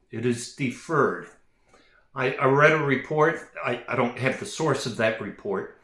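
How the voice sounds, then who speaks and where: A man who works as a real estate agent explains a topic in a measured, plain-spoken way with frequent fillers. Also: mid-range voice, fairly bright tone, reverberant. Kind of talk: explanatory talk to camera.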